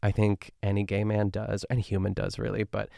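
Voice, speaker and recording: A man's voice: lowish voice, monotone, a little fast, creaky, warm tone, dry recording, studio quality. A young man hosting a podcast, recapping a cooking show in a rambling, chatty way full of fillers and asides.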